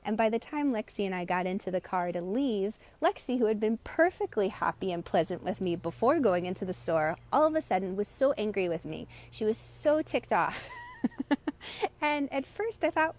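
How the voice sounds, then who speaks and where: A woman's voice: medium pitch, animated, moderate pace. Encouraging woman guiding a meditation. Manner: warm, encouraging, acts out voices in stories. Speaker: meditation coach. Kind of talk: live-streamed guided meditation talk.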